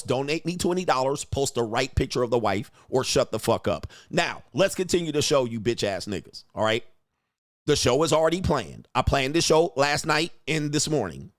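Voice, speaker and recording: A man's voice: medium pitch, no room sound, clean studio sound. A man hosting a livestream, giving crude, combative commentary, berating his chat and laughing often. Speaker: livestream show host and dating coach.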